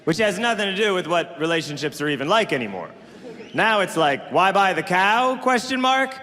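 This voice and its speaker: Man, stand-up comedian, incredulous and questioning, high lively voice, long reverb. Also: brisk. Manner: incredulous, questioning observational delivery. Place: comedy club stage. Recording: reverberant live venue with noise.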